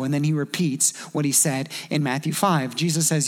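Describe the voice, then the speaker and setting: A man's voice: a little high, steady tone, moderate pace, hardly any pauses. A man preaching a sermon in a conversational way, acting out short quoted voices along the way. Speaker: pastor.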